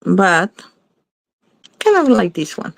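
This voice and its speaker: A woman's voice: medium pitch, sing-song, takes it slowly, gravelly, no room sound. A woman hosting a card-making video, chatting casually and thinking aloud as she works, often stopping to correct herself. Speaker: craft video host. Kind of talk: casual crafting demo chat.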